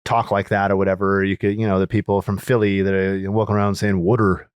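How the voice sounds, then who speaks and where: Low-voiced easygoing podcast co-host man. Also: level tone, fast talker, clean tone, dry recording, clean studio sound. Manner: easygoing, prompting questions and short agreements. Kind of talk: casual chat.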